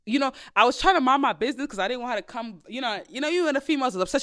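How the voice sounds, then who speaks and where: A young woman hosting a podcast, telling dating stories in a casual, animated way, with loud outbursts and low asides. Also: rapid-fire, few pauses. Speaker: podcast host. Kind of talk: casual storytelling chat.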